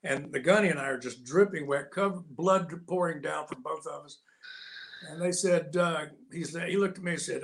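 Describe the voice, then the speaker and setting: An older American man spins long service stories as an interview guest, his voice sitting a little high for a man. He acts out the people he quotes with quick shifts in tone. His delivery stays loose, casual and conversational. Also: gravelly. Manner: animated anecdotes with voiced quotes. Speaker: interview guest, actor and Navy veteran. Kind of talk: casual storytelling.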